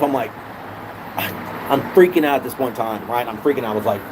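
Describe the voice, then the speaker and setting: A man's voice: medium pitch, fairly quick, long pauses, noisy background. A man vlogger telling a rant-style story with heavy swearing and a lot of repetition. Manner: animated, profane, repeats himself.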